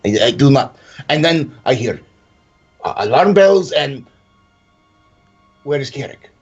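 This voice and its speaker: A man playing a tabletop game in character, talking haltingly with many restarts. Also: medium pitch, big pitch swings, breathy edge, lo-fi sound, soft background music. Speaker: player.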